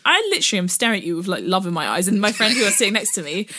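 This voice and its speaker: A woman's voice: medium pitch, lively intonation, rapid-fire, bright, forceful tone. A woman in casual chat, talking with many fillers as a co-host.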